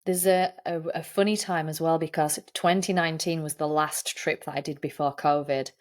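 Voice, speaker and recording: A woman's voice: deep voice, steady tone, normal speed. A woman guesting on a podcast, telling her story in a candid, earnest way in casual interview chat.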